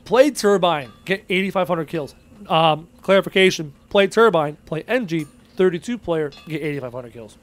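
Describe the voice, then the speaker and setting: High-voiced man chatting while gaming. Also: lively intonation, moderate pace. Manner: chatty, muttering to himself while playing. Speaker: game streamer. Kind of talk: live gameplay commentary, reading chat aloud.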